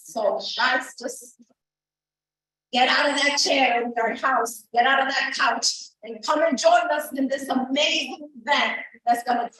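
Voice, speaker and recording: A woman's voice: high-pitched, steady tone, unhurried, pushed and bright. A woman making an urgent, pleading motivational appeal, stumbling over her words. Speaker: event promoter. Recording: echoey room, voice far from the mic.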